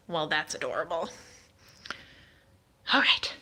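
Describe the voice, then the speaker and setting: A woman filming her foster cats at home and in the yard, chatting to them in cooing baby talk and to her viewers in a relaxed way. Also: mid-range voice, normal speed, long pauses. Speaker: cat foster streamer. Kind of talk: casual talk to pets on camera. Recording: faint wind and outdoor noise.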